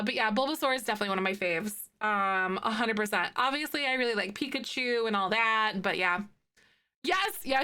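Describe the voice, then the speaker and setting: A bubbly woman in her thirties, chatting with her live stream viewers from her home setup. Her voice sits a bit high and sounds bright and crisp, and she gushes and giggles as she talks. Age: 30s. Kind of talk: casual chat with live viewers.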